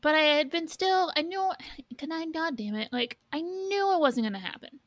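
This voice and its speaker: A woman co-hosting a podcast in casual chat, candid, swearing, with halting restarts. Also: high voice, no room sound. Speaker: podcast co-host.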